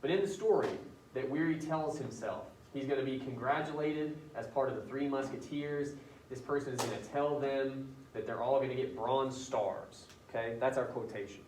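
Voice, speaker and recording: In a roomy classroom recorded at a distance, a male teacher with a medium-pitched, darkish voice chats casually at a moderate pace. He is running an informal writing lesson and musing aloud while editing a student paper, with slight background noise.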